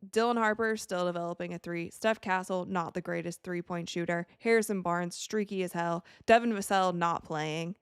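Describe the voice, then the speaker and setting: A woman's voice: medium pitch, smooth, dry recording, studio quality. A young woman hosting a live watch stream, chatting casually and reacting to the plays as they happen. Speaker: livestream host.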